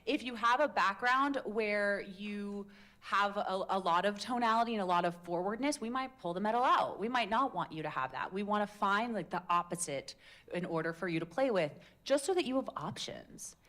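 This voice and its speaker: A woman coaching public speaking in a live workshop, energetic and playful, demonstrating different voices. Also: medium pitch, moderate pace. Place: workshop room with audience.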